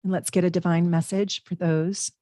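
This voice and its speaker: A chatty middle-aged woman giving a live tarot reading from her home, often breaking off to talk with viewers. Her voice sits fairly low for a woman, and the sound is dry and close, with no room echo. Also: level tone, normal speed. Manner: chatty, warm asides to viewers, frequent fillers. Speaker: astrologer and tarot reader, livestream host.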